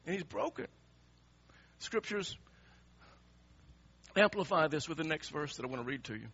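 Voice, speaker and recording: Pastor guy preaching, bright husky voice, goes quiet then loud, kinda muffled recording. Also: fairly high pitch, lively intonation, moderate pace. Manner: emotional, swinging from soft to loud. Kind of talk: sermon. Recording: slightly muffled sermon recording.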